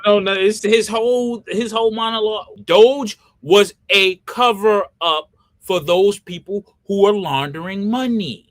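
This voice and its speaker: A man's voice: high voice, unhurried, no room sound. A man co-hosting a casual podcast chat, emphatic and opinionated, swearing freely. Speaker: podcast co-host.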